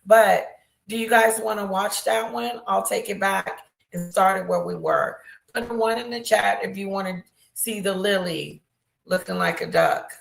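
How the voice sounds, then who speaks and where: A woman's voice: mid-range voice, steady tone, creaky. A woman hosting a livestream, chatting casually and unhurriedly with her viewers. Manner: unhurried, talks to chat. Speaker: livestream host. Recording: echoey room.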